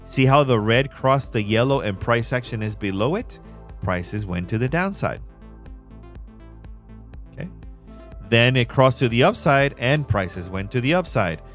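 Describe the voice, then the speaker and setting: A man streaming live, talking through trading charts in a relaxed, slang-heavy voice of ordinary pitch. He keeps calling his viewers bro and pushes his points hard. Soft music plays quietly behind him. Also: measured pace, pauses often. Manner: emphatic, hype-driven pitch to viewers. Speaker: livestream trading host. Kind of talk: live chart walkthrough and chat shout-outs.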